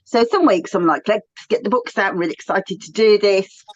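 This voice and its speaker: A woman's voice: medium pitch, brisk, no room sound, lo-fi sound. A woman with a British accent, co-hosting a casual chat in a chatty, enthusiastic way. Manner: chatty, enthusiastic, self-talking asides. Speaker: podcast co-host.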